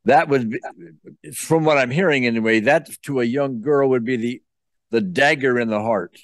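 An older man leads a client through a tapping session, calm and guiding, checking in often. His voice sits at an ordinary middle pitch, and it is recorded dry and close. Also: normal speed, no room sound. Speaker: tapping coach. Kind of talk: therapy session coaching.

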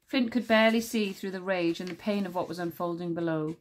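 A woman teacher reading a children's novel aloud with steady, clear storytelling. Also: lowish voice, brisk.

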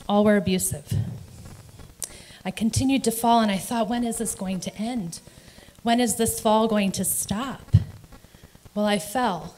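A woman's voice: a little high, darkish tone, a little hiss or hum, rough recording. A middle-aged woman from New Jersey giving an earnest, emotional personal testimony in a church service, with nervous laughs. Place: church sanctuary.

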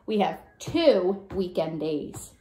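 A young woman teaching a preschool circle time lesson, with slow, sing-song, coaxing teacher talk and songs. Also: lowish voice, sing-song, mellow. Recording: echoey room with faint noise.

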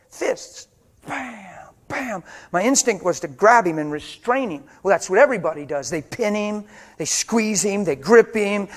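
An older white-haired preacher telling a story in a sermon, dropping to hushed whispers and rising to loud, fervent preaching before a live audience. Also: male voice, high-pitched. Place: church or meeting hall before a live audience.

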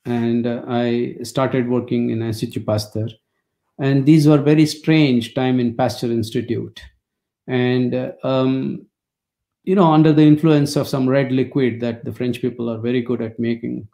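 A man's voice: medium pitch, gravelly, warm tone. A man in his sixties from India, speaking, gives a webinar lecture as wry, anecdotal storytelling.

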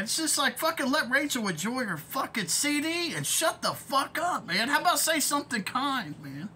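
High, sharp-voiced man ranting heatedly. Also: slight background noise. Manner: profane, rambling, heated. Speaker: online commentator. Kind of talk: ranting vlog.

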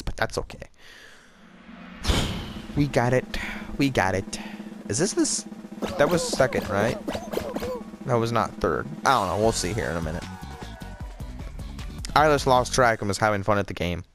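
A man giving casual, jokey commentary over his own gameplay, excitable and playful, mock raging and rhyming nonsense. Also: lowish voice.

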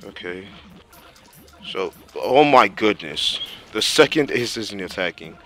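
A young man with a low, deep voice talks through his gameplay in loose, slangy self-talk. His tone is bright and forceful, and he fills gaps with filler words. Faint game music plays quietly underneath. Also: lively intonation, slow pace. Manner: talks to himself while playing, slangy, with many fillers. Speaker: gameplay commentator. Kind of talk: casual gameplay commentary.

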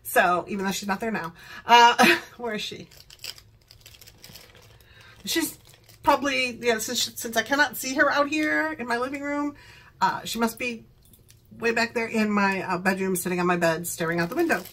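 A woman's voice: a little high, moderate pace, pauses often, sharp tone, a little hiss or hum, low-quality recording. An older woman and grandmother chatting at home in her living room while showing products she bought, rambling off topic and laughing often. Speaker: product haul vlogger. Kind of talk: casual chat.

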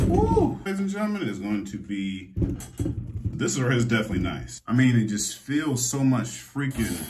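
A man telling a long story in a casual unboxing vlog, animated and full of loud, exasperated outbursts, recorded in an indoor room. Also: fairly low pitch, a little hiss or hum. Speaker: vlogger. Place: indoor room with green screen.

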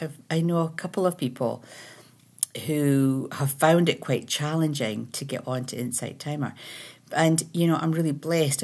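A middle-aged Scottish woman who makes meditations, talking in an earnest, meandering way with pauses and restarts in a reflective personal monologue. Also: extremely low pitch, breathy edge. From Scotland. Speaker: meditation creator.

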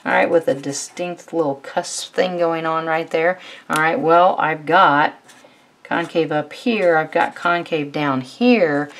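A woman math teacher walking through a whiteboard tutorial in a steady way, often pausing on "all right.". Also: deep voice.

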